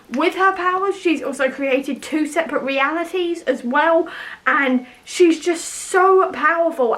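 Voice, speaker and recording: A young woman, gushing excitedly as a book vlogger, a little out of breath. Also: high-pitched. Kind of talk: enthusiastic casual vlog.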